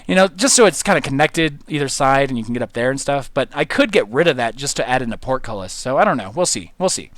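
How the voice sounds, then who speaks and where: Giggly, lively-voiced man rambling while gaming. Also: mid-range voice, fast, few pauses, dry recording. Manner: rambling, giggly, thinks aloud with many fillers. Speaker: livestreamer reading chat. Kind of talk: casual gameplay livestream commentary.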